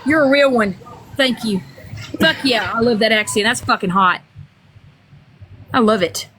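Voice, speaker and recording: A woman hosting a casual live stream, loud, excitable and crude, teasing her viewers. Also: a little high, unhurried, noisy background.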